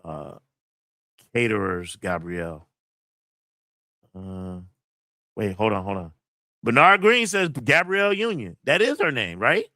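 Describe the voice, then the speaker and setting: A man hosting a casual livestream, excitable, repeating phrases and talking to his chat. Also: lowish voice, unhurried, pauses often, no room sound, clean studio sound. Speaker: livestream host.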